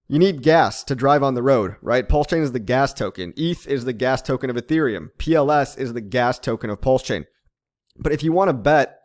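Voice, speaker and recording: A man hosts a casual crypto explainer with a voice sitting in an ordinary middle pitch. He talks loosely and conversationally, tossing in quick tag questions. He breaks into chuckles at his own jokes. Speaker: crypto channel host.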